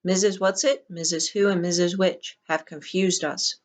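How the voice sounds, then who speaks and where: A woman voicing a hypnotized little boy in a storybook reading, speaking in a bland, calm, reasonable way. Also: fairly low pitch, moderate pace, lightly acted. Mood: eerily calm. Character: boy, the young protagonist's hypnotized little brother, cold and eerily calm.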